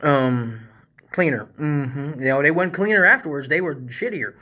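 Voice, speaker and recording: A man hosting a live stream, telling crude funny stories from his dancing work in a profane, animated way. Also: on the high side, moderate pace. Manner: profane, animated storyteller who acts out the other people in his stories. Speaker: live show host and male exotic dancer. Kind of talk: casual storytelling on a live stream.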